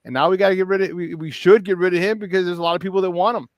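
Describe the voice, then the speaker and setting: A male sports talk radio host, excitable and rambling, repeating words as he talks. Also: sits high, very fast, no echo, muffled recording.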